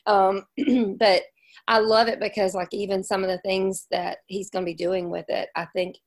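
A woman chatting casually as a podcast guest, talkative and quick to laugh. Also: medium pitch, little pitch movement. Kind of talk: casual chat.

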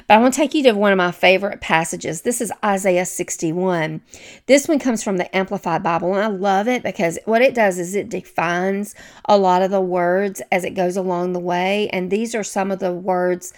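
A woman's voice: mid-range voice, normal speed. Chatty Southern woman teaching Scripture. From American South. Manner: warm, chatty asides to listeners, self-deprecating. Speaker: Bible teacher. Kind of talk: conversational Bible teaching.

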